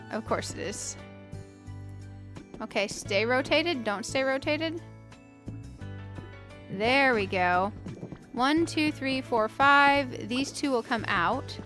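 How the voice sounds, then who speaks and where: On the high side and fairly bright, the voice belongs to a woman hosting a gaming channel. She builds during a laid-back let's-play, talking to her audience and reasoning aloud with playful self-deprecation.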